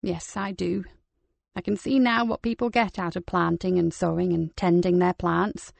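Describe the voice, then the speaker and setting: A woman's voice: lowish voice, steady tone, normal speed, gravelly, no echo. A woman voicing an older woman, a retired soldier turned gardener, reflective and dry-humored. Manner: dry, self-mocking, reflective.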